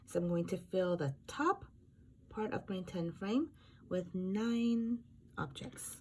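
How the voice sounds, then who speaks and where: A woman teacher giving a slow, patient math lesson to young children, counting aloud and chanting rhymes. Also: on the low side, sing-song, a little hiss or hum. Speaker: kindergarten teacher.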